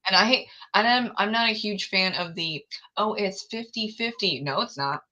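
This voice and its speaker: A woman's voice: medium pitch, moderate pace, sharp tone, rough recording. A woman hosting a livestream, chatting frankly and emphatically and laughing often. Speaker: livestream host. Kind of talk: casual chat.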